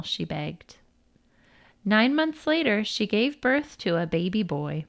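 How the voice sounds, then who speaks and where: Slow, lilting woman storyteller. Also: mid-range voice, very animated, vocal fry. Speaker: narrator. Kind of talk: children's storytelling and fact narration.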